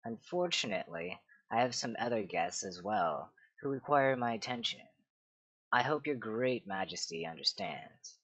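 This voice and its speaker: A man's voice: medium pitch, very animated, moderate pace, fairly bright tone, no echo. A man voicing a haughty scheming queen. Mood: imperious. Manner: haughty, cutting. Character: scheming proud queen mother, imperious.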